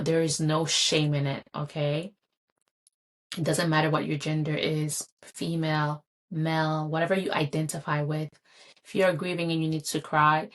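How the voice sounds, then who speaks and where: Low-voiced woman giving earnest encouragement. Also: a bit bright. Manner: earnest, encouraging, repeats for emphasis. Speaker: podcast host. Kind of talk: solo motivational podcast talk.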